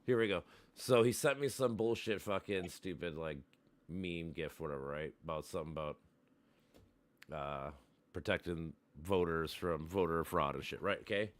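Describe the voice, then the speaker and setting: A low-pitched man speaks at a moderate pace with no room sound as a livestream host. He casually retells an argument with plenty of profanity, animatedly acting out both sides of the debate.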